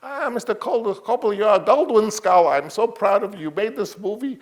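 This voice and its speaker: A man's voice: sits high, expressive, brisk, voice pushed up. A blunt little old studio mogul, as a man puts him on, barks short broken phrases and repeats himself. The voice sits far above the speaker's own and jumps around a lot. He is insistent and fussy.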